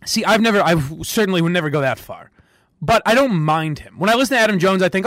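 A man's voice: high voice, fast, dry recording, clean studio sound. A man hosting a sports radio podcast, chatting casually with strong opinions, rambling and laughing often. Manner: rambling, animated, laughs often, restarts sentences.

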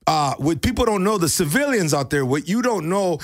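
A man's voice: a little high, brisk, dry recording. A middle-aged male comedian and coach telling stories in a casual podcast chat, swearing freely and calling people bro. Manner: animated storyteller, swears and says bro.

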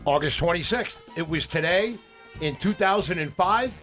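High-pitched male radio co-host telling stories. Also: normal speed, music in the background. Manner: animated storytelling with frequent fillers and restarts. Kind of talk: casual radio chat.

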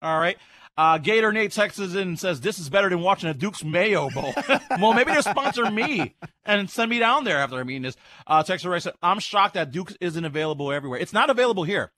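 A man on live radio tasting a sandwich and reacting with loud excitement, talking while he eats at home. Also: high voice, brisk, no echo. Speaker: radio co-host. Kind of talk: live radio food review.

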